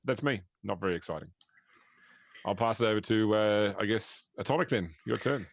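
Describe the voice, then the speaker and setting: An Australian man chatting casually as game master, rambling with halting restarts. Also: lowish voice, vocal fry, dry recording. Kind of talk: casual chat. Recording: dull, dry lo-fi mic.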